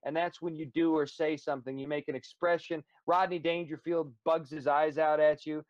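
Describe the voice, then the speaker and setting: A man who does stand-up comedy talks through his act in a relaxed, rambling way, his voice sitting a little high for a man. The sound is dry and a bit dull, with no room around it. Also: moderate pace, no room sound. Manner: animated storyteller, rambling with fillers. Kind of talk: casual interview chat.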